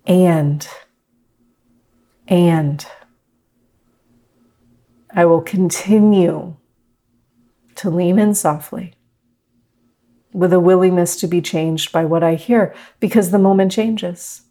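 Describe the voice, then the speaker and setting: A middle-aged woman teaching a meditation class, talking gently and reflectively to her students. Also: fairly low pitch, takes it slowly, pauses often. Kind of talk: guided meditation talk.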